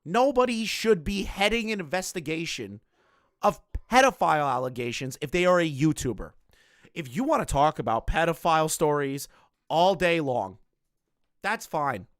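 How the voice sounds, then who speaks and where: A man's voice: fairly high pitch, sing-song, moderate pace, a bit bright. A man streaming from home, ranting in heated, profane, sarcastic commentary. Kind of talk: livestream commentary rant.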